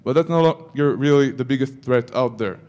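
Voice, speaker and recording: A man's voice: medium pitch, normal speed, darkish tone. A man giving a security conference talk, breaking into joking asides to the audience. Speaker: conference speaker.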